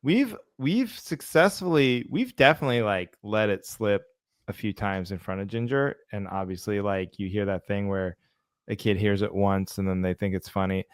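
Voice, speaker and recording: A man's voice: lowish voice, normal speed, no room sound, clean studio sound. A man in his thirties co-hosting a podcast, telling stories in a laid-back way and laughing easily. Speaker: podcast co-host. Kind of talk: casual chat.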